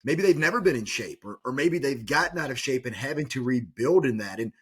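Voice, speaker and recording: A man's voice: mid-range voice, expressive, a little fast, fairly bright tone, breathy edge. A man hosting a podcast, asking long, rambling questions. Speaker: podcast host. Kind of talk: interview questions.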